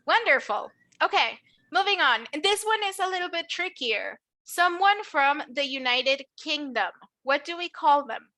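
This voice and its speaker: High, bright-voiced bilingual English teacher. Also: female voice, expressive. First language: Spanish. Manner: slow, drawn-out model words for repeating. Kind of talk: online class, bilingual English lesson.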